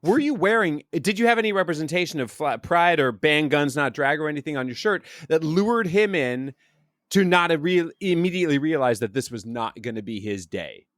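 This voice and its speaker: A man's voice: on the high side, lively intonation, fairly quick, a bit bright. A man co-hosting a podcast, reacting emphatically in casual chat. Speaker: podcast co-host.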